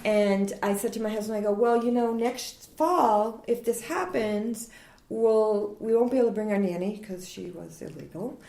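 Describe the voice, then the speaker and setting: A woman in her forties chats as a guest, telling stories at an easy pace and acting out the lines of people in them. Her voice sits at a middle pitch. The room lends it a clear echo. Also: moderate pace. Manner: animated, laughing, acts out quotes. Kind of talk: casual interview storytelling. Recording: roomy echo.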